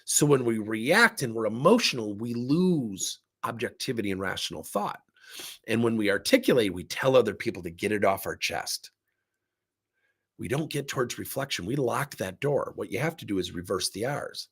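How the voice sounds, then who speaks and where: A man's voice: lowish voice, moderate pace, breathy edge. A middle-aged man, a workplace coaching consultant, talking to camera and telling stories that act out the voices of the people in them. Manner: animated storytelling, acts out quoted voices. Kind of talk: talk to camera.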